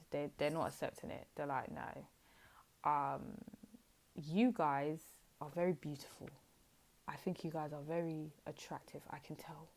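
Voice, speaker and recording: A young woman giving a casual tarot reading, chatty and blunt with animated asides. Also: low-pitched. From United Kingdom. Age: young adult. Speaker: tarot reader.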